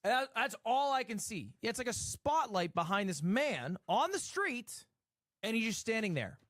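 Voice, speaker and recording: A man's voice: normal speed, dry recording, studio quality. A man in his late twenties telling a funny story in a casual streamer way, with wry asides. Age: 20s. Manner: animated, wry storytelling with swings in pitch.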